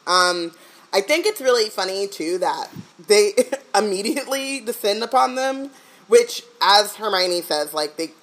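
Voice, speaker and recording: A woman co-hosting a casual book-club podcast, playful, laughing often and firing back quick jokes. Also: medium pitch, expressive, a bit bright, poor audio. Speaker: podcast co-host.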